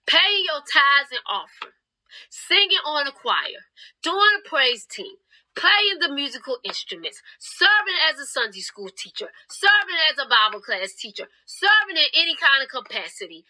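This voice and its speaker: A woman's voice: high-pitched, sing-song, normal speed, pushed and bright, poor audio. A young woman preaching a fervent sermon, retelling scripture in her own words.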